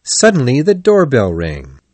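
Slow, expressive male storyteller. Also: medium pitch, dry recording. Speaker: narrator. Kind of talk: storybook reading for learners.

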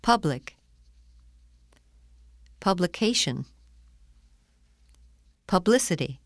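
Woman saying example words one by one, slow, lowish, dry studio sound. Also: expressive, no room sound. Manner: slow, deliberate single words. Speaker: model speaker in a pronunciation lesson. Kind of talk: scripted word reading.

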